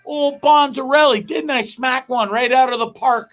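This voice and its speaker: Man, comedy host, high-pitched, rambling, swearing, faint music behind. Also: moderate pace. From Canada. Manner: rambling, profane, animated storyteller. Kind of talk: comedic live-show monologue.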